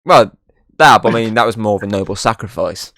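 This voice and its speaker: A man's voice: lowish voice, brisk, fairly bright tone, no echo, clean studio sound. A man hosting a casual film review podcast, rambling and leaning on filler words and restarts. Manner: rambling, leans on "obviously" and restarts.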